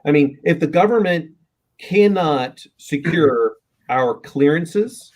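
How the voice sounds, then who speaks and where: A man's voice: a little high, animated, takes it slowly, a little mellow. A man co-hosting a casual tech podcast, making dry, laid-back remarks. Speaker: podcast co-host. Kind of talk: casual chat.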